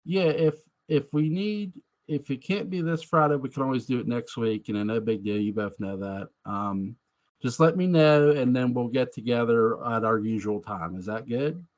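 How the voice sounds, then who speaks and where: A man hosting a casual podcast over a remote call, animated and laughing, swearing casually as he tells stories. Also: mid-range voice, normal speed, muffled recording. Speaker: podcast host.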